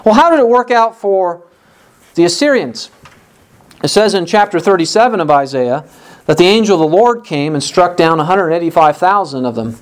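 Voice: medium pitch, animated, moderate pace. Earnest, emphatic preacher. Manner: earnest, emphatic, repeats words when stressing a point. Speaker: pastor. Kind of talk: sermon.

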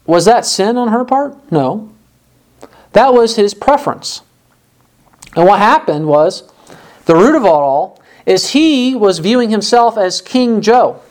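A woman's voice: fairly high pitch, expressive, unhurried. A woman teaching a Bible sermon, earnest, acting out quoted lines as she goes.

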